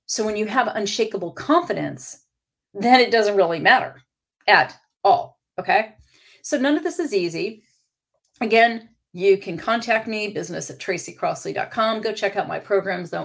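A woman's voice: mid-range voice, vocal fry, husky. A middle-aged woman hosting a motivational coaching podcast, talking candidly and emphatically to her listeners. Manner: candid and emphatic, with casual swearing. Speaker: podcast host and leadership coach.

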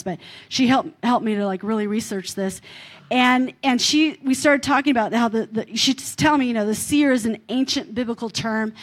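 A middle-aged woman preaching, telling a personal testimony in an animated way, with many fillers and laughs. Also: mid-range voice. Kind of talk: sermon testimony.

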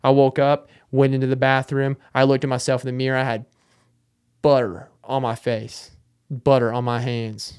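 A man's voice: medium pitch, level tone, normal speed, darkish tone, clean tone. A young man hosting a podcast, talking alone in a casual, rambling, self-mocking way. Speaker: podcast host. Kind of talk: casual solo monologue.

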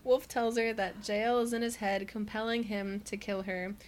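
A woman's voice: mid-range voice, level tone, moderate pace, slight background noise. A woman co-hosting a podcast, recapping a book in a casual chat, who laughs often and says "like" a lot. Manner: chatty, laughs often, many "like" fillers. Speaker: podcast co-host.

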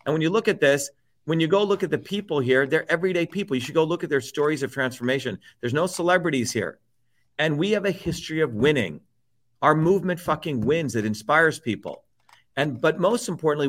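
A middle-aged guest with a slightly high, a bit bright voice rants about politics expressively and briskly. His delivery is emphatic and profane, hammering the same lines again and again.

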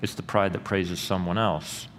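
A middle-aged male pastor preaching a sermon in a church, earnest and rising to loud emphatic peaks. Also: deep voice, steady tone, moderate pace. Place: church sanctuary. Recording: long hall reverb with faint room noise.

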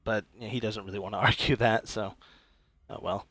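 A man's voice: fairly low pitch, brisk, dry recording. Easygoing man, dry close sound. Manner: relaxed, hesitant with many fillers. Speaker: podcast guest. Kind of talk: casual chat.

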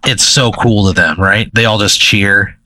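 A young man with a bright, forceful voice tells a long made-up story, stumbling and filling with "like" and "you know". The sound is dry and close. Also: fairly low pitch, unhurried, dry recording, poor audio. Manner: rambling, full of "like" and "you know". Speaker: podcast co-host. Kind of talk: improvised storytelling.

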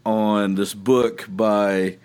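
A man's voice: fairly low pitch, little pitch movement, drawn-out words, a little mellow, clean tone. A man with a Texas accent, a seminary student co-hosting a podcast in casual chat, rambling and laughing often. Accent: Texan. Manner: chatty, laughs often, trailing asides.

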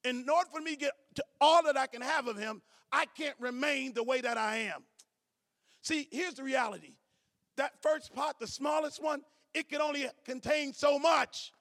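High-voiced man preaching in a reverberant hall. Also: normal speed, gravelly. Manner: preaching with call-and-response, swinging from shouts to low asides. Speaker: pastor. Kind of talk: sermon. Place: church sanctuary.

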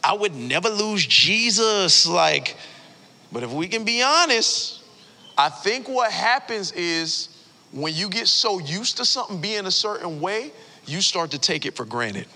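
A male pastor preaching a sermon in a church, telling stories in casual slang with animated delivery. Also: sits high, measured pace, creaky. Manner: animated storytelling, casual slang, frequent "like" fillers. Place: church sanctuary. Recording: long hall reverb.

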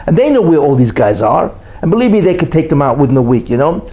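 An emphatic man delivers an opinionated monologue, his voice fairly high and swinging widely in pitch. His tone is dark and mellow, and he keeps firing rhetorical questions at the listener. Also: very animated, quick pace, few pauses. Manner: emphatic, rhetorical questions, frequent "you know".

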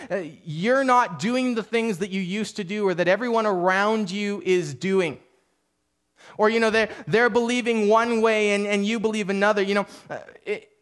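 A man's voice: high-pitched, a bit bright, clean tone. A man preaching as a pastor in a church, talking in a conversational, self-deprecating way with frequent restarts. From Canada. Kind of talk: sermon.

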